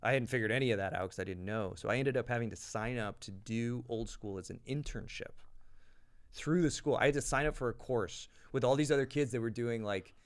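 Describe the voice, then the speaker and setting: A man from Canada, a guest actor telling quick, animated anecdotes in a casual interview. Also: mid-range voice, no echo.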